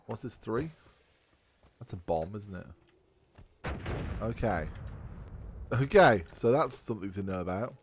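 A man giving casual let's play commentary while thinking aloud, excitable and swearing often. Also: lowish voice, takes it slowly, long pauses, background noise. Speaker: gaming video creator.

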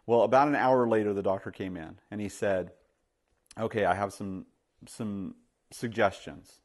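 A male pastor delivering a sermon in a fairly low voice. He tells stories and plays out the dialogue, peppering his talk with "you know", and climbs higher and louder when he drives a point home. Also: fairly even intonation, moderate pace. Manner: storytelling, acts out dialogue, rises loud and high when stressing points; many fillers like "you know".

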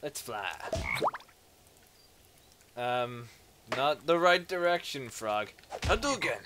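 A man narrates his gameplay in a slow, unhurried way, with his pitch leaping all over the place. He chatters playfully at the creatures on screen and bursts into excited shouts. The recording carries a clear layer of noise. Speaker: let's play host. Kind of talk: casual gameplay commentary.

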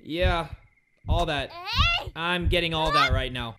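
A young man giving excitable let's play commentary on a game, breaking into shouts and yelps. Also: a little high, slow, long pauses, background noise. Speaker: gaming YouTuber.

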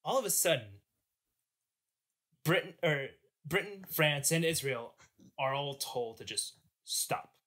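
A man's voice: a little high, lively intonation, slow, long pauses, a bit bright. A man hosting a comic history podcast, telling the story in a joking, chatty way.

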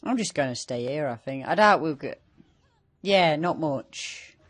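A man's voice: on the high side, lively intonation, unhurried, a bit bright. A man hosting a co-op gaming video, joking through casual, playful banter while he plays. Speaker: host.

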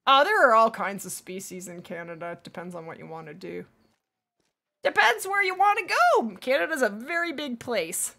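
A woman's voice: a little high, very animated, normal speed, gravelly, pushed and bright. A woman streaming a hunting game live, chatting casually and thanking viewers by name.

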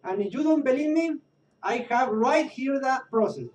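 A man's voice: very high voice, animated, moderate pace, darkish tone. Exasperated man ranting. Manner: exasperated, repetitive, swearing, restarts often. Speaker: Twitch streamer. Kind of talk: rant about a card game. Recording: distant mic with faint background noise.

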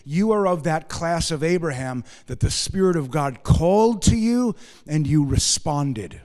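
A male pastor preaches with a high-pitched voice in a church sanctuary. He drives his points with loud, rising emphasis, then drops into quiet low asides and wry humor. A long reverb from the room trails each phrase. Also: lively intonation, unhurried. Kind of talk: sermon.

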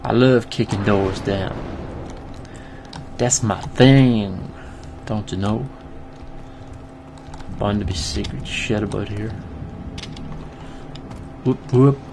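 A young man talks his way through a shooter at an unhurried pace, his voice sitting low. He swears and yells at enemies between quieter muttered remarks. A steady hiss of noise runs under the home recording. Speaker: let's play gamer. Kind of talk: casual gameplay commentary. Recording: noisy home mic recording.

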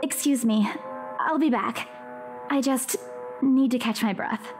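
An actress voicing a shaken young woman in a game, speaking softly and breathlessly as she excuses herself. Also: sits high, slow, music in the background. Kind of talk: game voice acting.

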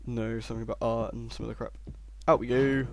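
A young man giving sarcastic gameplay commentary and shouting insults at the game. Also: mid-range voice, level tone, fast talker, vocal fry, a little hiss or hum. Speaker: let's play host.

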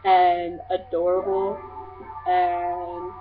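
A woman's voice: lowish voice, completely flat delivery, very slow, soft background music. Gushing teen girl on a tinny webcam. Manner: gushing, scattered, filler-heavy. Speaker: vlogger. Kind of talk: casual rambling vlog to friends.

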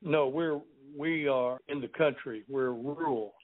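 An older man with a Southern US accent, a pastor speaking slowly and plainly, repeating himself. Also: medium pitch. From South Mississippi, USA. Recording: tinny phone line.

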